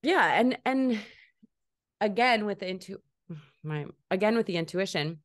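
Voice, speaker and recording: A woman hosting a podcast in casual conversation, animated and acting out voices when she tells stories. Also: medium pitch, measured pace. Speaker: podcast host.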